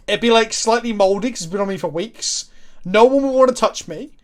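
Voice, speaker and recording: A man's voice: high-pitched, fairly quick. A man streaming a card game, chatting casually, joking and swearing freely as he plays. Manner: animated, jokey, swears freely. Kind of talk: casual chat while gaming.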